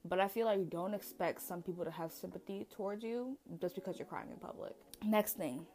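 A woman's voice: mid-range voice, brisk, darkish tone. A young woman hosting her own podcast, talking casually and bluntly with lots of fillers. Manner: chatty, blunt, many fillers. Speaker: podcast host. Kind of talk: casual solo podcast talk.

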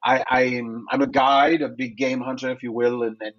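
A man's voice: mid-range voice, flat delivery, normal speed, fairly bright tone, close to an everyday voice. A man voicing a genteel older male big-game hunter who talks politely and rambles with many restarts, in a tabletop game. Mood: courtly. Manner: courteous, rambling, hesitant with repeats. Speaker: player. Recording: dull lo-fi mic.

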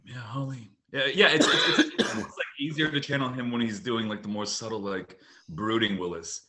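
A man in casual, animated chat, swearing easily and laughing often. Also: medium pitch, moderate pace, a little hiss or hum.

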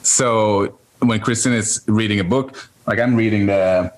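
A man's voice: fairly low pitch, steady tone, a little slow. A man guesting on a podcast, chatting casually in a rambling, self-correcting way and laughing often. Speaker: podcast guest, spouse of a host. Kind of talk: casual chat.

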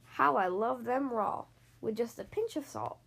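A woman voicing a sly, hungry male fox who pleads and whimpers in drawn-out, high tones. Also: animated, vocal fry, a bit bright, full character voice. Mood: dreamy.

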